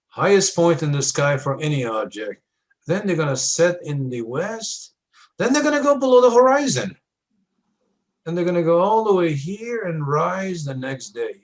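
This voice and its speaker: Casual man teaching a lab, slightly high voice. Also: poor audio. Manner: casual, talks students through diagrams with frequent checks. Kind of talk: classroom lab walkthrough.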